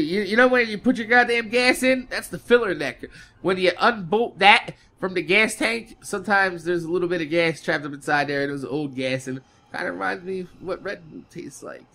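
Hosting a gameplay video, a man rambles casually, swearing a lot and laughing often. His voice is high, pushed and bright.

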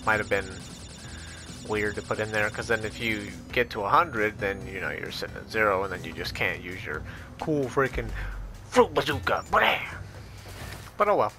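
Over game music, a gaming YouTuber rambles playfully through casual gameplay commentary, muttering to himself and making silly noises. His voice is fairly low and expressive, at a moderate pace.

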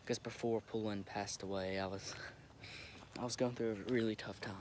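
A young man recording himself on his phone, talking haltingly with many restarts as he holds back tears. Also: lowish voice, fairly even intonation. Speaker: vlogger. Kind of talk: emotional direct-to-camera update. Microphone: phone camera. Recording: phone recording with noticeable background noise.

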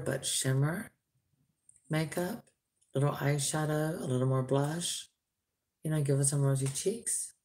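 A woman with a low voice talks slowly and loosely through a doll review, drifting from thought to thought. Her tone stays casual and unpolished, and it hardens when she calls someone out. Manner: chatty, rambling, sharp when scolding.

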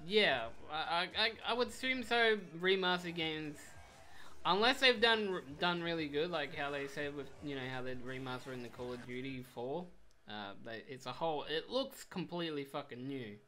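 A young man giving rambling, swear-heavy commentary on a game, with sudden loud outbursts. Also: a little high, normal speed, faint music behind. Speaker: gameplay commentator. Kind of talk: casual let's play commentary.

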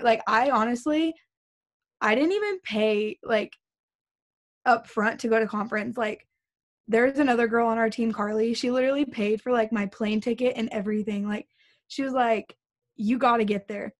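A woman's voice: fairly high pitch, brisk. A young woman on a group video call, chatting casually in a rambling way, full of "like". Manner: rambling, fillers like "like" everywhere. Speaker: team member sharing her story.

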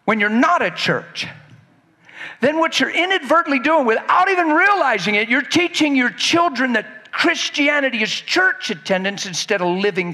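A man preaching a sermon in an animated way, acting out quoted voices and laughing often. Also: extremely high pitch, big-room sound.

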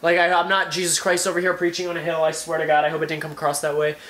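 A young man telling a dramatic storytime vlog, animated and swearing freely. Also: on the high side, racing. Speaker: vlogger.

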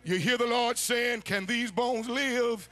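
A man preaching a sermon, shouting and chanting his lines in a sung, call-and-response cadence. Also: very high-pitched, slow pace. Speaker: bishop preaching. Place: church sanctuary.

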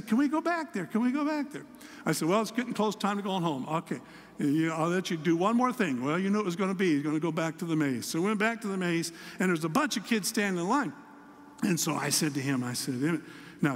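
With a high voice, lively intonation and a quick pace, this older pastor shares a story about his grandson in his sermon. He slips into a child's voice for the quoted lines. The church sanctuary gives it the sound of a large hall.

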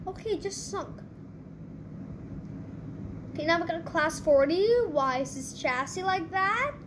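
Very high-voiced excitable woman commentator. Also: background noise. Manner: excitable, quick reactions, bursts of laughter. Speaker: channel host. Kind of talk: gameplay commentary.

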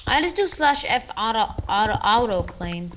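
A woman's voice: on the high side, big pitch swings, moderate pace, over a noisy crowd. A woman chatting casually while playing a game with friends, bubbly and given to squeals and chants. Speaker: gamer. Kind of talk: casual gaming chat.

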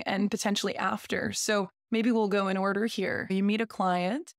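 A woman's voice: mid-range voice, no echo, clean studio sound. A woman hosting a podcast, thoughtfully affirming and building on her guest's points before asking questions. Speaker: podcast host. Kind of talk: reflective conversational interview.

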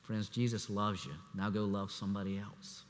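A man preaching a sermon as assistant pastor, speaking conversationally with restarts and fillers, sometimes dropping to a hushed voice. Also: fairly low pitch, level tone, normal speed, slight background noise. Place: church sanctuary. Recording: echoey church hall.

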